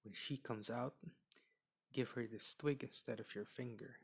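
A man voicing a clever, calm little girl, sometimes pleading in a childlike way. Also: mid-range voice, unhurried, creaky, breathy edge, exaggerated voice. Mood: scheming.

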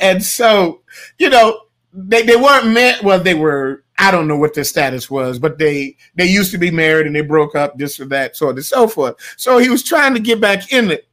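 A male pastor preaching a sermon in a folksy, repetitive, conversational way, swinging from quiet asides to loud shouted lines and laughing at his own jokes. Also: on the high side.

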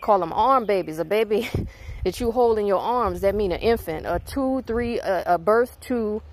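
Blunt and laced with profanity, this Southern-accented host of a spiritual channel delivers an emphatic, heated rant to her audience. She speaks in a mid-range, darkish voice at a moderate pace.

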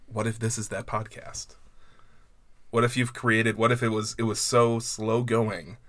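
A man's voice: fairly low pitch, flat delivery, a little slow, a bit bright, dry recording. A man co-hosting a podcast with dry, musing remarks in casual comedy chat. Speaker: podcast co-host.

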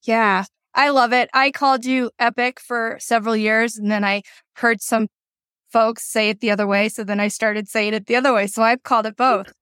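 A woman hosting a podcast, reading a measured introduction and then chatting with her guest. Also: on the high side, smooth, dry recording, clean studio sound. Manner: reads a steady, measured introduction. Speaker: podcast host. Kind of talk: scripted introduction and casual interview.

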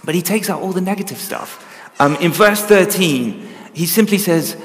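Guy giving a sermon, earnest chatty teaching, lots of ums, bit high voice, church echo. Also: normal speed, fairly bright tone. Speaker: preacher.

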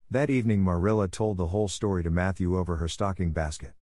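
Low-voiced man narrating a storybook. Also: expressive, quick pace, few pauses, a little mellow, dry recording, clean studio sound. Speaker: audiobook narrator.

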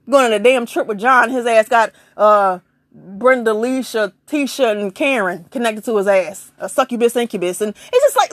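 A woman's voice: moderate pace, no echo, clean studio sound. A woman giving blunt, preachy spiritual advice in a casual monologue, firing off rhetorical questions and swearing freely. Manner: animated, big jumps in pitch.

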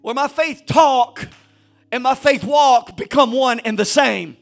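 A man preaching a sermon to a church congregation, swinging between shouted exhortation and low conversational asides. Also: slow, creaky, soft background music. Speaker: pastor.

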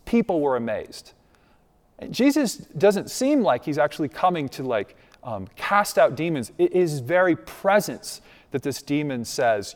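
A man's voice: on the high side, very animated, a little slow, in a large hall. A man preaching a sermon as a pastor, conversational and emphatic, with asides to his listeners.

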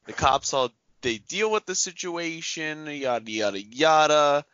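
Animated bright-voiced man telling stories. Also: fairly high pitch, unhurried, smooth, no echo. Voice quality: animated, joking, swears lightly. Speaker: podcast co-host. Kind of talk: casual chat, storytelling. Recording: dull lo-fi podcast audio.

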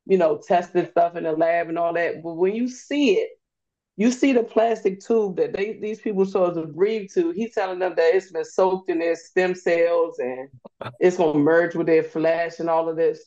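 A young woman, a guest on a casual podcast, telling stories in an animated, slangy way. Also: fairly low pitch. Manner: animated storyteller, slangy, laughs often. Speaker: guest, host's niece. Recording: dull lo-fi recording.

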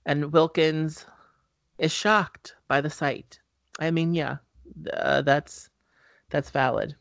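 A man's voice: a little high, steady tone, slow, vocal fry, fairly bright tone, no echo. A man hosting a podcast, casually recapping a horror movie with lots of fillers and offhand swearing. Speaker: podcast host.

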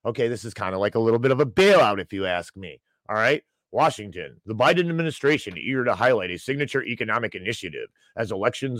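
A male host reads out news stories and rants about them with biting sarcasm, his voice climbing when he gets worked up. He sits at an ordinary pitch for a man. The recording is dry and close, with no room sound. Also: no room sound. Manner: ranting, sarcastic, rises loud when angry. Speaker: host of a financial news show. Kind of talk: opinionated news commentary, reading headlines.

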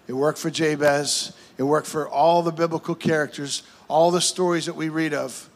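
A male pastor, preaching a fervent sermon with repeated phrases and quick restarts. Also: a little high, steady tone.

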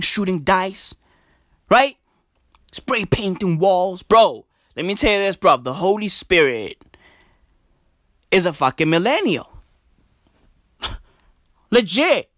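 A woman doing a profane, slang-filled comedic rant, repeating her catchphrases and slipping into soft mock-polite asides. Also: mid-range voice, no room sound, clean studio sound.

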